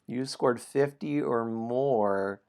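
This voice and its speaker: A man's voice: medium pitch, drawn-out words, darkish tone, smooth. A man hosting a casual game stream, playfully teasing players and reading the story aloud. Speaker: game host.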